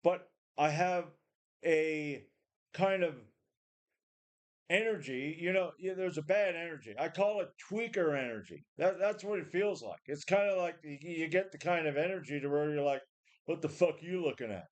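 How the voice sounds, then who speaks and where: A home gym vlogger with a slightly high voice and moderate pace rants to camera in a casual, rambling way. He's tired and run-down, swears, and keeps repeating and restarting himself.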